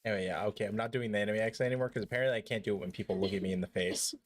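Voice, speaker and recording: A man's voice: fairly low pitch, rapid-fire. Give me a young guy live-streaming a game, loose and jokey. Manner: joking, rambling, swears casually. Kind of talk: casual live-stream chat.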